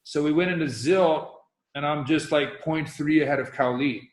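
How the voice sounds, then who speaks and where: A man's voice: a little high, moderate pace. A middle-aged man, a podcast guest, telling a long story in casual conversation and acting out his own past reactions. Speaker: podcast guest, professional windsurfer. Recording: roomy echo.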